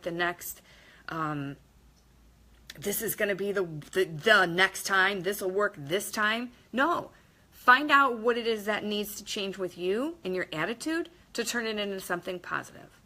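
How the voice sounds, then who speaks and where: Speaking to camera with a medium pitch and sharp tone, a woman delivers a casual motivational talk. She's blunt and emphatic, swears mildly, and performs quotes in different voices, as a motivational vlogger.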